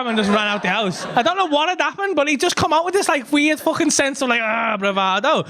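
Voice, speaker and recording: Animated comedian, high voice. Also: male voice, fast, hardly any pauses, heavy background noise. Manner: animated, swearing, laughs at his own story. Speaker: stand-up comedian. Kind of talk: stand-up storytelling. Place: comedy club stage.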